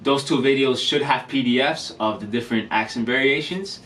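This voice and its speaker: A man giving a casual drum lesson in a vlog, talking in a relaxed, rambling way with lots of fillers and restarts. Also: medium pitch, brisk, slight background noise. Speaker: drum teacher vlogger. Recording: distant mic, faint room ambience.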